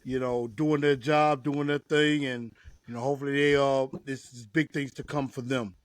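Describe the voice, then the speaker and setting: A man's voice: mid-range voice, level tone, normal speed, no room sound. A man co-hosting a casual sports podcast, easygoing and leaning on filler words. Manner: easygoing, leans on "you know". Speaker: podcast co-host.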